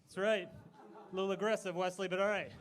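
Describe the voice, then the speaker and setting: High-voiced stand-up comedian from Arkansas. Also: male voice, little pitch movement, fast, background noise. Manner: jokey, laughing banter with his twin.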